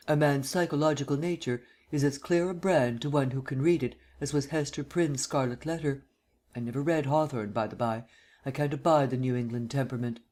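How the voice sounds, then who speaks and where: A man voicing a languid, witty dilettante gentleman who speaks in an unemotional drawl. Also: mid-range voice, close to an everyday voice.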